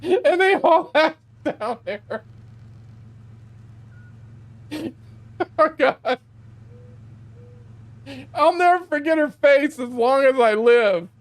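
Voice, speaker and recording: A man streaming a game spins a long, crude story and keeps breaking into laughter. His voice sits high, and he talks slowly. He drops in frequent oaths and exclamations. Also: expressive. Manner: laughing through a rambling anecdote; exclaims often, profane. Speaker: gaming streamer. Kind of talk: casual storytelling while gaming.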